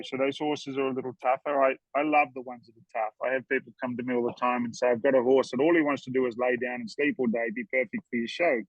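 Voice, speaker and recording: A man's voice: medium pitch, dry recording, rough recording. A man guesting on a podcast, telling heartfelt stories in an earnest way and often repeating words as he goes. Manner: earnest, storytelling, repeats words when moved. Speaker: horseman guest.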